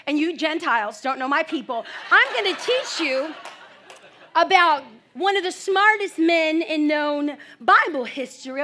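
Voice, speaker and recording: A young adult woman delivers a sermon with a high, bright voice. She tells her stories in an animated way and breaks into loud, excited shouts, then comes back down to teach from scripture. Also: slight background noise. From United States. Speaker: preacher.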